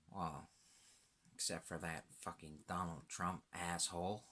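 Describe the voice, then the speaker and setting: Low-voiced man in a profane rambling rant. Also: steady tone, unhurried, pushed and bright. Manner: swears constantly, laid-back and rambling, drops into whispers. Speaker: self-described stoner ranting to camera.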